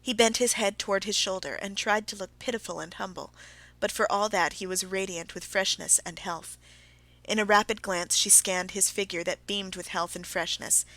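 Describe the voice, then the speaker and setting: This is a classic novel read aloud as an audiobook by a woman of medium pitch. Her delivery is measured and expressive.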